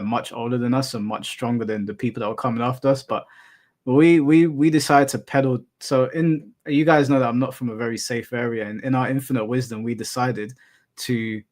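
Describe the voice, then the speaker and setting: A young man hosts a live stream in a loose, rambling way, with an average pitch. He drifts from story to story with casual swearing along the way. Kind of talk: casual chat with viewers.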